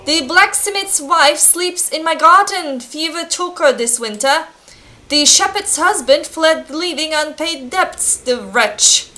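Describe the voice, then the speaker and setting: A woman's voice: sits high, animated, slow pace, bright, forceful tone, pitched above the performer's own voice, full character voice. A woman voicing a formal, pious old village priest with archaic speech. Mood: grave.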